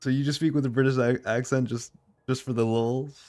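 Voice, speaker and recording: A man streams himself building in a game, chatting easily with his viewers in a mid-pitched voice and laughing often between remarks. Soft music plays faintly underneath. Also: steady tone, a little fast. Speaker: live streamer. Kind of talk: casual live-stream chat while building in a game. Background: faint background music.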